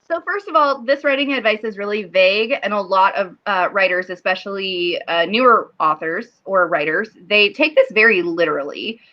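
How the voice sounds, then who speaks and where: A woman's voice: mid-range voice, normal speed, few pauses, dull audio. A woman with a Southern US accent, a guest in a casual writing chat, talking loosely with lots of "you know" and "like". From Southern United States. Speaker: guest writer.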